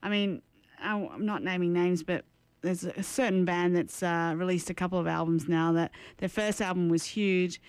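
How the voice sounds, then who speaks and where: A woman's voice: fairly low pitch, fairly even intonation, normal speed, clean tone, dry recording. A woman co-hosting a radio music show, giving chatty opinions on bands. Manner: chatty, opinionated, trails off and restarts. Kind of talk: casual radio chat.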